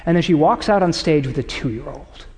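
A man's voice: fairly high pitch, normal speed. A man preaching a sermon to a congregation, talking in a conversational way and acting out quotes as he tells stories. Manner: conversational, animated storytelling with acted quotes. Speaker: pastor. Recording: long hall reverb.

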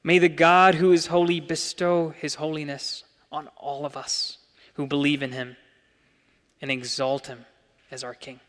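Young male preacher, earnest sermon voice with loud peaks and hushed drops, fairly high pitch, long church hall reverb. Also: level tone, unhurried. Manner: earnest, rising to emphatic peaks then dropping soft.

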